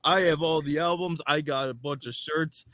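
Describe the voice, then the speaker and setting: A man's voice: on the high side, fairly even intonation, moderate pace, crowd noise. A man hosting a livestream in casual chat, talking with a fan's enthusiasm. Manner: enthusiastic fan talk. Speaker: livestream host. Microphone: livestream video call.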